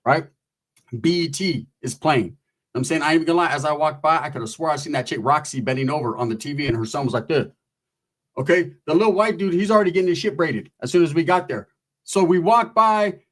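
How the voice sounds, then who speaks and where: A man telling a rambling, crude comic story in a laid-back, profane way. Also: on the high side. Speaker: comedian.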